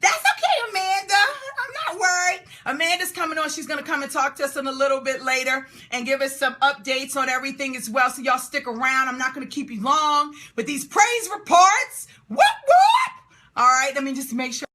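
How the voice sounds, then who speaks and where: A woman's voice: sits high, fairly quick, few pauses, pushed and bright. A middle-aged woman hosting a live Q&A stream, reading out viewer comments, laughing and cheering often. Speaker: host of a live Q&A call.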